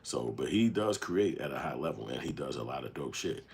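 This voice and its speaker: Man, extremely low voice, breathy husky tone, AAVE speech, loose rambling monologue, profane storytelling. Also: brisk. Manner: rambling, animated storytelling with street slang and profanity. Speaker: filmmaker and channel host. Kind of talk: casual monologue commentary.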